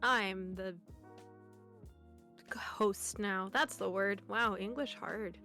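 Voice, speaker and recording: A woman's voice: mid-range voice, extremely slow, sharp tone, faint music behind. A woman chatting playfully as a guest streamer, giggling often and making goofy noises. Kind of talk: casual stream chat.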